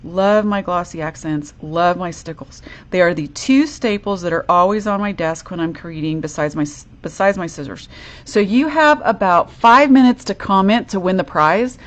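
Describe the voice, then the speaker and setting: A woman's voice: lowish voice, expressive, normal speed. A woman hosting a live crafting demonstration, chatty and upbeat, talking viewers through each step at her craft desk.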